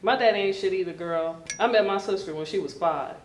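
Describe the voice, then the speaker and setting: A woman hosting a stand-up comedy show in a club, brash and loud on her punchlines. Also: medium pitch, brisk, recorded from a distance, slight background noise. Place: comedy club with live audience. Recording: roomy club sound, mic heard from afar, crowd laughter.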